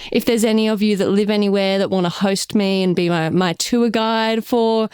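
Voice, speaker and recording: A woman's voice: mid-range voice, steady tone, moderate pace, darkish tone, smooth, dry recording. Upbeat Australian woman, dry studio sound. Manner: chatty, upbeat, reads listener messages aloud. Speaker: podcast co-host, radio journalist. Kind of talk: casual podcast chat.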